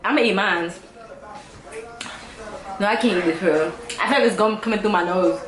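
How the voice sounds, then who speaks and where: A woman's voice: medium pitch, moderate pace, roomy sound, crowd noise. A young woman vlogging a food challenge at home, laughing and screaming at the heat. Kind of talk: casual food challenge vlog.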